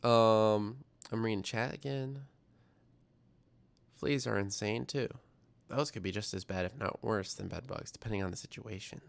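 With a fairly low, creaky voice, a young man chats casually on his science livestream. He rambles, reads viewer comments out loud, and keeps his humor self-deprecating.

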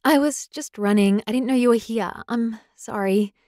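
A woman's voice: a little high, no echo, clean studio sound, lightly acted. A woman voicing an impulsive, chatty, clumsy young werewolf girl in an audiobook. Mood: excitable. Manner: rapid, excitable, apologetic. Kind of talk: audiobook character voice.

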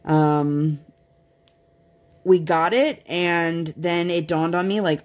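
Young mom rambling to her channel, lowish voice, wanders off topic and laughs at herself. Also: slow, long pauses, a little mellow. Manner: rambling, chatty, self-deprecating. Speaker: craft vlogger and mother. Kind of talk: casual chat to camera.

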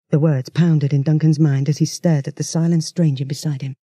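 A man's voice: fairly high pitch, a little fast, hardly any pauses, husky, no echo, studio quality. A man reading a children's science fiction story aloud, telling it steadily. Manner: steady storytelling that shifts into character voices. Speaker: audiobook narrator.

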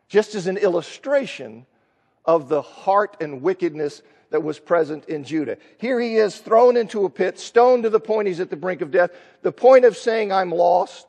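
A man's voice: sits high, lively intonation, moderate pace, darkish tone, in a large hall. A man teaching a Bible class in a conversational lecture style, thinking aloud and acting out the lines he quotes. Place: church classroom.

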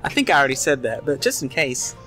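A man's voice: mid-range voice, big pitch swings, fast, sharp tone, soft background music. A man voicing a tough old woman who runs an Old West saloon, talking in a drawling frontier twang. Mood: folksy.

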